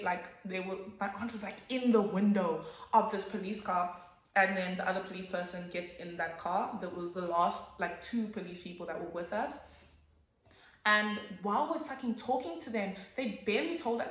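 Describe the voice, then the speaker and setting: A young woman telling a casual storytime, animated and swearing, acting out what people said. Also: mid-range voice, normal speed, roomy sound. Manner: animated, swears, acts out quotes with sudden loud jumps. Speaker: vlogger.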